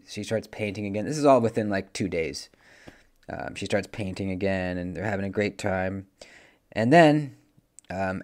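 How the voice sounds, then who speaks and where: Male movie reviewer, lowish voice, loose rambling recap full of ums and restarts. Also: darkish tone. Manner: rambling, many fillers and self-corrections. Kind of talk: casual plot recap.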